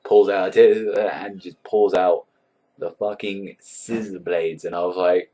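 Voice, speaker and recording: A man's voice: deep voice, steady tone, unhurried, mellow. A man giving a casual, rambling anime episode review, swearing often and filling his talk with likes and ums. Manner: rambling, swears a lot, many likes and fillers. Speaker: anime reaction vlogger.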